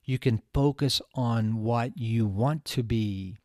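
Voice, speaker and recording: A man hosting a podcast, giving a motivational talk with lively storytelling that swings between loud emphasis and hushed asides. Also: medium pitch, slow pace, few pauses, dry recording, studio quality. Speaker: podcast host.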